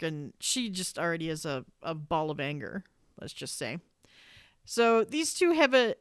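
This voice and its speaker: A woman's voice: medium pitch, a bit bright, clean tone, dry recording, studio quality. A woman co-hosting a podcast in casual chat. She swears freely and acts out her own exasperated reactions. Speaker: podcast co-host.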